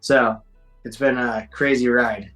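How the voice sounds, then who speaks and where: A middle-aged man, a podcast guest telling fight stories in a slangy, animated way. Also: medium pitch, slow, soft background music, low-quality recording. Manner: animated, acts out quoted voices, slangy. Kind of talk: casual storytelling.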